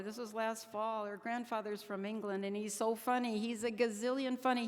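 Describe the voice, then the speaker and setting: Older woman, grandmother, conference speech, earnest, heartfelt, halting restarts, long hall echo. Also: medium pitch. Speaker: keynote speaker at a conference. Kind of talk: public speech to an audience.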